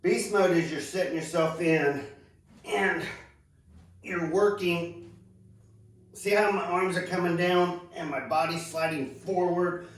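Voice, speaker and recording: Slow-talking man teaching golf. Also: high-pitched, fairly even intonation. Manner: easygoing, unhurried, talks while hitting balls. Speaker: golf instructor. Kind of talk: casual golf lesson. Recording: echoey sound from far off.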